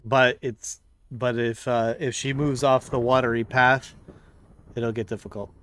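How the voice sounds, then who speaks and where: A man at a mid pitch runs a tabletop game over an online call. His talk is halting and casual, full of fillers and restarts. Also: steady tone, fairly bright tone, slight background noise. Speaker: game master.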